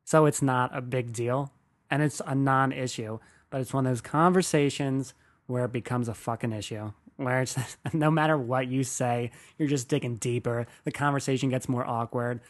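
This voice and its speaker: A man's voice: mid-range voice, steady tone, normal speed. A man hosting his own podcast, telling stories in a loose, rambling monologue. He swears freely and pokes fun at himself as he talks. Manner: rambling, profane, self-deprecating. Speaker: podcast host. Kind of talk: casual comedic monologue.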